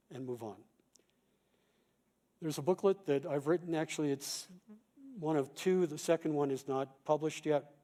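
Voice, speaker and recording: A middle-aged man, a pastor and chaplain, giving a calm, measured conference talk with quoted examples. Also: on the high side.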